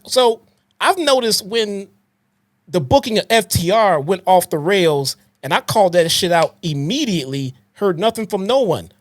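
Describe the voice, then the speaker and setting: A man's voice: sits high, no echo, clean studio sound. A man co-hosting a podcast, lecturing emphatically and swearing as he argues his point. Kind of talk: heated podcast rant.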